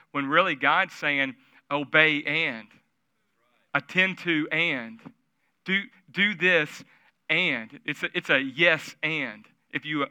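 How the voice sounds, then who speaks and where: A man's voice: a little high, sharp tone, clear, resonant tone, dry recording. A man preaching a sermon at a church service, telling stories in a conversational way and asking the audience questions. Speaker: pastor.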